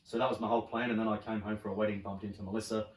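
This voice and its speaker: A middle-aged Australian man, appearing as a podcast guest, tells stories in a casual chat at a quick clip, animated and swearing freely. His voice is fairly low. The audio is roomy and a little distant from the mic.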